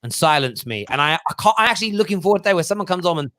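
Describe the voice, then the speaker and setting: A man hosting a lively football fan panel, full of quick teasing banter. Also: high voice, dry recording, clean studio sound. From England. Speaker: host of a football fan show.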